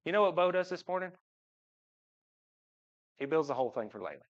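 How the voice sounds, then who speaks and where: A man's voice: a little high, lively intonation, brisk. A man, speaking to his church congregation about his family in a joking, heartfelt way. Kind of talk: personal church talk. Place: church sanctuary, at the front. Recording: dull livestream audio.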